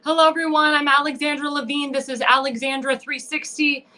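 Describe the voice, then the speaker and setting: Woman, livestream host, high pitch, impassioned commentary, fillers and restarts. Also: flat delivery, fairly quick, bright, forceful tone. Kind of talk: political commentary monologue. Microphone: home livestream mic.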